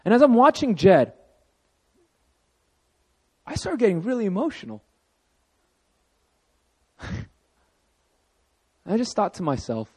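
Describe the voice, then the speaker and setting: A man in his thirties preaching a sermon as pastor, telling a personal story with animated emphasis. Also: high voice, slow, long pauses, breathy edge.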